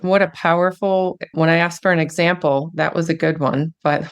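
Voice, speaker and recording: A woman's voice: low-pitched, fairly even intonation, moderate pace, clear, resonant tone. A woman hosting a podcast, responding openly and reflecting on her own experience in a casual conversation. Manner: warmly responsive, emotional reflections. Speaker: podcast host.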